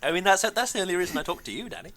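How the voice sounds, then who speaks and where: A man's voice: high-pitched, lively intonation, racing, sharp tone. A British man co-hosting a podcast, chatting casually with a dry, wry humour and frequent ums. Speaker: podcast co-host. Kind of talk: casual chat.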